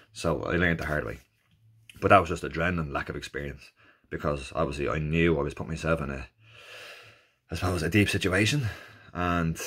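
Irish man, low voice, casual storytelling, animated, humorous. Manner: animated, jokey, acts out quoted exchanges in raised voices. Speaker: vlogger recounting his first Ironman.

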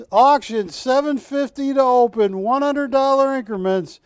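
A man's voice: very high-pitched, measured pace, clear, resonant tone, no room sound. A man hosting a live shopping broadcast, selling art with a joking, chatty manner. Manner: joking, animated, teasing co-hosts. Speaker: shopping channel host. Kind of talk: live sales pitch.

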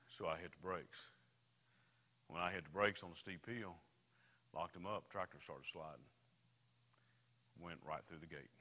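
A man preaching a sermon as a pastor, telling stories in a voice that swings from hushed to loud. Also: deep voice, normal speed, pauses often. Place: church sanctuary. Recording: reverberant church hall.

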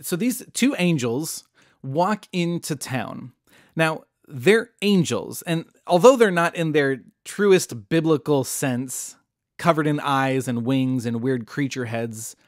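A man's voice: fairly high pitch, no room sound, studio quality. A man telling a Bible story in a casual, jokey way, full of modern slang. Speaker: Bible teacher.

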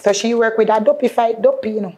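A woman's voice: on the high side, fairly even intonation, quick pace, darkish tone. A woman with a Jamaican accent sharing an emotional personal testimony in patois and often calling out to the faithful. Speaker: guest.

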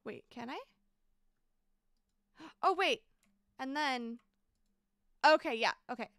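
Young female streamer, bubbly and chatty, high-pitched, dry close mic. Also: slow pace, smooth, no echo. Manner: bubbly, repeats exclamations, thanks chat excitedly. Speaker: game streamer. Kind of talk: casual live-stream chat while building in a game.

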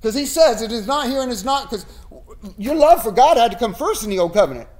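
A man's voice: extremely high pitch, expressive, fast talker, darkish tone. A man teaching an informal Bible study in a small room, conversational and emphatic, often checking in with "right?".

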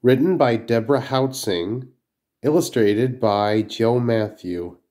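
A man's voice: mid-range voice, slow pace, dark tone. A man reading a children's storybook aloud, carefully, with small slips and restarts. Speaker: narrator.

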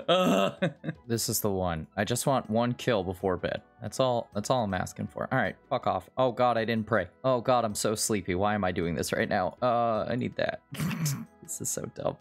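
A man's voice: fairly low pitch, expressive, moderate pace, creaky, soft background music. A man giving casual, self-mocking gameplay commentary at his computer, sarcastic and swearing often. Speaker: video game streamer.

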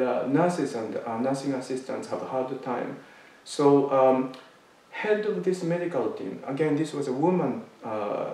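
Halting man in a roomy space. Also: mid-range voice, dark tone, slight background noise. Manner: halting, many fillers and restarts. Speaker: Zen teacher giving a talk. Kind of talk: dharma talk with personal story. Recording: echoey room, mic at a distance.

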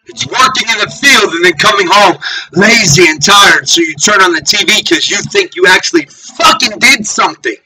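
A man preaching a fiery sermon in a high, piercing voice, cursing and often breaking into shouts. He takes his time over the words, with faint music playing behind him. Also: sing-song, moderate pace, slightly rough, rough recording.

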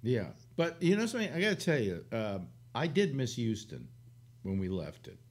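An older Californian show host leads a casual, wandering chat packed with fillers and restarts. His mid-range voice swoops wildly in pitch at a moderate pace.

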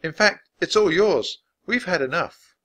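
A man's voice: sits high, animated, unhurried, fairly bright tone, voice pushed up, heavily acted. A man voicing Jack, a cautious, bookish young boy, in a slightly raised, earnest storybook voice.

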